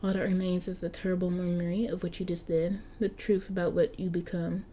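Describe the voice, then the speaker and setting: A woman's voice: on the low side, level tone, fairly quick, dark tone, slight background noise. A woman reading an interactive story aloud, often stumbling and restarting over words, with chatty asides to her viewers. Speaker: story narrator.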